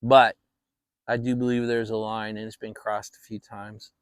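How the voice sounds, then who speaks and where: A man's voice: fairly low pitch, flat delivery, moderate pace, clean tone, no echo, studio quality. A man hosting a casual fireside chat vlog, talking in a rambling, reflective way with many restarts. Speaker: channel host.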